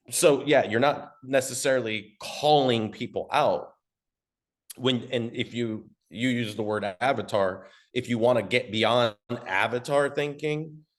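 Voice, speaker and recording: A man coaching on ad marketing in a casual, rambling teaching talk, sometimes swearing and slipping into quick mock voices of customers. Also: medium pitch.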